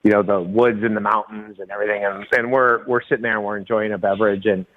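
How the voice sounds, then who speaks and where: A man's voice: fairly low pitch, little pitch movement, fast. A middle-aged man, a guest on a call-in wine show, telling anecdotes casually, laughing often and acting out quoted dialogue. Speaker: guest, winery and rum company owner. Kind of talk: casual storytelling interview. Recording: dull lo-fi call-in audio.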